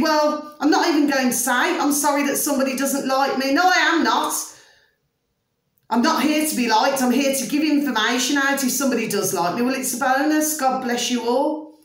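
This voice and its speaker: A woman's voice: sits high, fairly quick, very echoey, far from the mic. A woman vlogger in an opinionated monologue, emphatic and ranting, forever asking her viewers if they see what she means. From United Kingdom.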